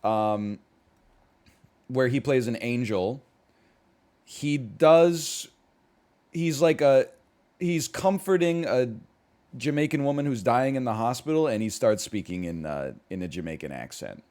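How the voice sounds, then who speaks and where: A man from Canada, chatting casually on a live stream, reacting to chat and rambling through asides with sudden excited jumps. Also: mid-range voice, unhurried, long pauses.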